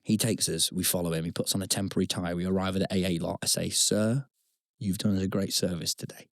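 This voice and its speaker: A man's voice: low voice, steady tone, fast talker, no room sound, clean studio sound. A young man, co-hosting a podcast, telling stories in a rambling, self-mocking way with dramatic outbursts. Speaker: podcast co-host. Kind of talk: casual storytelling chat.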